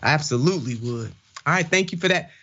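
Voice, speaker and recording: A woman's voice: sits low, lively intonation, quick pace, fairly bright tone. A woman hosting a political commentary show, exuberant and folksy, talking straight to her viewers. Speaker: host. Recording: slightly muffled, lo-fi audio.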